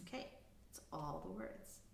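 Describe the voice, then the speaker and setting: A woman leading a children's choir lesson from home, demonstrating musical terms in a lively repeat-after-me way. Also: fairly low pitch, unhurried, gravelly, a little hiss or hum. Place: home room. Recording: echoey room with faint music.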